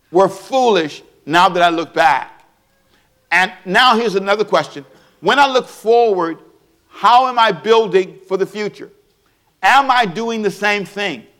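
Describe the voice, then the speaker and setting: With a fairly high-pitched voice, this male pastor preaches by asking rhetorical questions over and over, moving between quiet and loud delivery and calling on his congregation to answer back.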